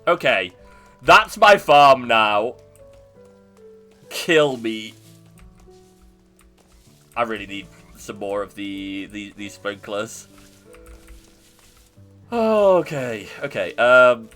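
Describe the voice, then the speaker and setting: A man's voice: mid-range voice, bright, forceful tone. A man streaming live gameplay, chatting to himself in a self-mocking way and laughing easily. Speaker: video game streamer.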